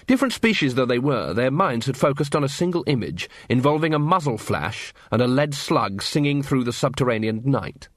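A man reading a fantasy audiobook in steady scripted narration. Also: mid-range voice, a little fast, few pauses, dry recording, clean studio sound.

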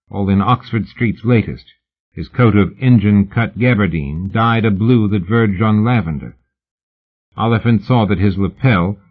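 A man reads a novel aloud in a measured, steady narrating manner. His voice is low and husky. The recording is thin and band-limited, like a phone line. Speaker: audiobook narrator. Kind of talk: scripted narration. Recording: narrow phone-like audiobook sound.

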